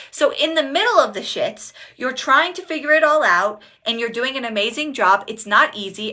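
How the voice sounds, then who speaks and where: A woman's voice: fairly high pitch, sharp tone. A woman spiritual teacher speaking live in a chatty way. She swears and laughs often. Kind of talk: casual livestream talk.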